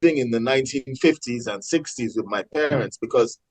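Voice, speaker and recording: A man talking passionately in a casual political discussion, with many halting restarts. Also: medium pitch, no room sound, rough recording. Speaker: podcast co-host.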